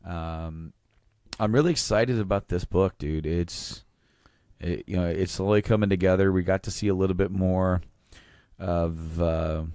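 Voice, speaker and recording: A man co-hosting a podcast, talking casually with a halting, laid-back manner. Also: low voice, darkish tone, clean tone, no room sound. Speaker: podcast co-host. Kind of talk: casual comic book chat.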